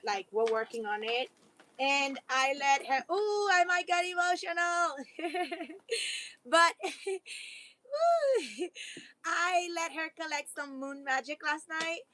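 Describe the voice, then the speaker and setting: Brief: high-pitched woman, chatty spiritual vlog, rambling. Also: a bit bright. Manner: rambling, talks to her dogs mid-sentence. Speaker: vlogger. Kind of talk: casual spiritual chat.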